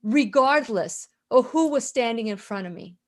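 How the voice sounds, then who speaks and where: Speaking with lively intonation at a moderate pace, the middle-aged radio host tells her own story fervently and emphatically, repeating words often. Her voice sits a little high.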